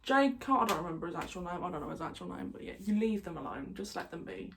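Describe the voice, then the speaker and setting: A woman's voice: mid-range voice, lively intonation, moderate pace, vocal fry, a little hiss or hum. Rambling young English woman vlogging. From England. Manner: rambling, goes off on tangents. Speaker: YouTuber. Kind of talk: casual vlog chat.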